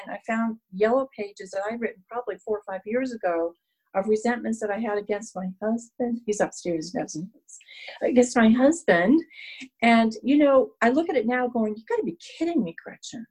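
A woman sharing her own story at a recovery meeting, candid and self-deprecating, telling it with animated asides. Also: on the high side, husky, low-quality recording. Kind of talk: personal sharing at a support meeting.

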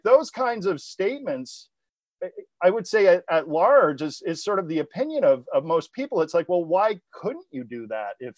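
A man sharing his story of recovery in a personal talk, halting, with many restarts and repeated words. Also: high voice, darkish tone, dry recording. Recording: dull lo-fi recording.

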